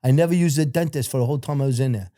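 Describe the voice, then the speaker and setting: A man with an American accent telling his life story in a casual interview, blunt and profane, growing animated when he quotes other people. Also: mid-range voice, rapid-fire, no echo, clean studio sound.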